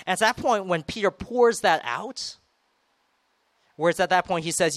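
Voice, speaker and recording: A man's voice: high voice, lively intonation, moderate pace, a bit bright, dry recording. A man preaching a sermon in a conversational way, retelling scripture and acting out quoted lines with rising emphasis.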